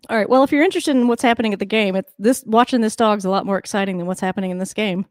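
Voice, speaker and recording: A woman giving casual live reaction to a football game, with wry asides and a high coaxing voice for her dogs. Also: quick pace, few pauses, dry recording. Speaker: host of a football reaction channel. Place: at home.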